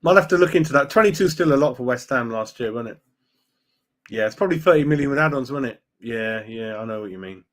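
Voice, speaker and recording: A man's voice: medium pitch, expressive, fast, fairly bright tone. Chatty man live-streaming. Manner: chatty, opinionated, keeps adding "mate" and "right?". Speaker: fan channel live-stream host. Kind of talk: casual live-stream chat reading viewer comments.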